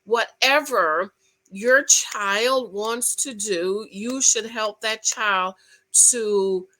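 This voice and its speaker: A woman with a bright, forceful voice talks straight to her viewers in a casual commentary. She is expressive and emotional, jumping from loud excitement to quiet asides. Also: mid-range voice, drawn-out words, low-quality recording. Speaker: vlogger reviewing a reality show.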